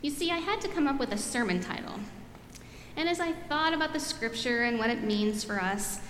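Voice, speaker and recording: Lady pastor talking simply to kids, bit high voice, echoey sanctuary. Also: slight background noise. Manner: warm, simple talk to children, leads prayers. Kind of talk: sermon and children's message. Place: church sanctuary. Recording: echoey church hall, faint ambience.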